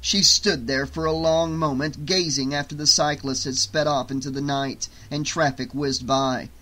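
A man narrating an audiobook in a steady, measured reading. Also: on the high side. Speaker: audiobook reader.

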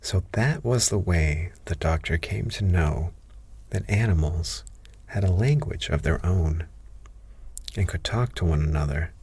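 A man reading a children's classic aloud as a slow, soothing bedtime story. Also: low voice, a little mellow, breathy edge, no room sound. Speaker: narrator.

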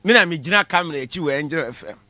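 A man with a Ghanaian accent giving a comic lecture in a lively way, shouting out his punchlines. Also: on the high side, rapid-fire, dry recording. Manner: animated, shouting punchlines, mixing Twi with English. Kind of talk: comedy class monologue.

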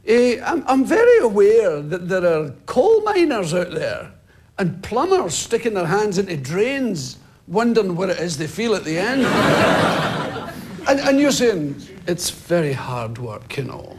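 A man in his fifties, a comedian telling stories in a TV interview and bursting into shouted impressions of people in the street. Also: high voice, measured pace. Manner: lively, swings into loud shouted impressions of people. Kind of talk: animated storytelling in a TV interview. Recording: TV studio with audience and some noise. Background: audience laughter.

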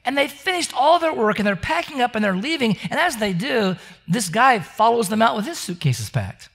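A man's voice: very high-pitched, very animated, normal speed, vocal fry, a bit bright. A man preaching a sermon, telling stories with frequent stammering restarts and acting out the characters' voices. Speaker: pastor. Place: church service.

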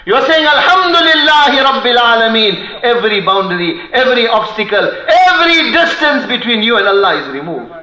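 A man preaching a sermon with passion, breaking into fast Arabic recitation of poetry, recorded in a mosque hall. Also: sits high, very animated, sharp tone. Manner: impassioned, quotes Arabic poetry in rapid recitation. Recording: echoey hall.

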